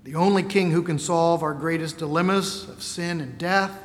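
High-voiced man preaching in a hall. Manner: emphatic, slows on key words, reads scripture aloud. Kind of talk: sermon.

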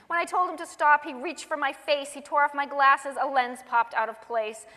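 A woman reading her own rhyming children's poem aloud in a sing-song, expressive way. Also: high voice, normal speed, long reverb tail.

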